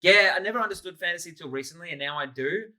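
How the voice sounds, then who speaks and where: A man banters on a comedy podcast, joking and riffing playfully. His voice is strikingly bright and sharp, sitting somewhat high. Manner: playful, quick to joke and riff. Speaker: podcast co-host. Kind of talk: casual comedy podcast chat.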